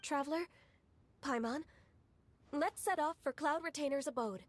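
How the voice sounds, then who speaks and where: An actress playing a gentle, shy young woman who speaks softly and hesitantly, with little pauses. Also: high-pitched, a little hiss or hum, natural voice. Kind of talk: game voice acting.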